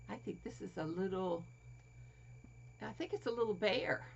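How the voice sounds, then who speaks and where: A crafting vlogger from Florida does a casual show-and-tell, cooing over little toys and often dropping to a whisper. Her creaky, expressive voice is mid-range at a normal speed. It's a dull lo-fi home recording with faint hiss.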